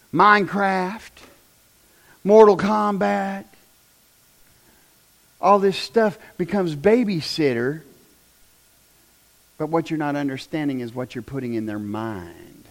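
High-voiced pastor preaching. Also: male voice, unhurried, pauses often. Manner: swings from shouting to near-whisper. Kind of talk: fiery revival sermon. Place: church.

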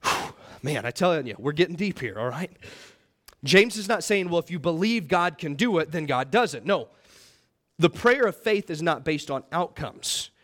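Animated and fairly bright in tone, a young pastor preaches at a moderate pace with earnest emphasis. He often asks the congregation "okay?" or "all right?", his voice climbing when he imitates people and sinking low for prayers.

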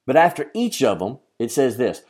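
A man preaching a sermon as a pastor, earnest, often asking the listeners questions and moving from emphatic lines to hushed ones. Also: medium pitch, big pitch swings, normal speed, husky. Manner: addresses listeners directly with questions.

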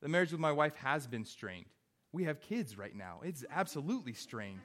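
A man's voice: on the high side, big pitch swings, normal speed, fairly bright tone, a little hiss or hum. A young adult man, a pastor, preaching a sermon in an earnest, conversational way with wry asides.

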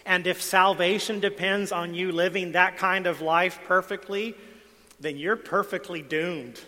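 A male pastor preaching a sermon, swinging between quiet asides and loud emphatic lines. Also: high-pitched. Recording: long hall reverb.

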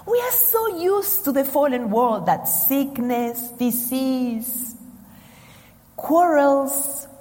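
A woman from Argentina preaching a sermon, slow and emphatic with dramatic pauses, in a church hall. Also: sits high, lively intonation, mellow. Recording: long hall reverb.

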